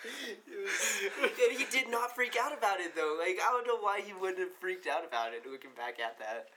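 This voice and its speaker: A young man reminisces with friends in loose, casual chat and strings his stories together with constant fillers. His voice sits a little high and sounds bright. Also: expressive, normal speed, slight background noise. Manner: rambling, filler-heavy storytelling.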